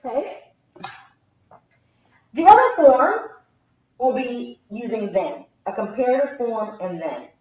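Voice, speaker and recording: Lively woman teaching English grammar. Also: a little high, roomy sound, dull audio. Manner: lively, stresses example words slowly. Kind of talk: classroom grammar lesson. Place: classroom, moving between boards.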